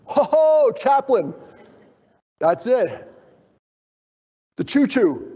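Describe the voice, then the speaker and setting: Middle-aged male keynote speaker, jokey and earnest by turns, slightly husky, echoing through a large hall with dull sound. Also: extremely high pitch, sing-song, extremely slow, mellow. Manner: jokey, draws in the audience, then turns earnest. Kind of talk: motivational conference talk. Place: conference hall.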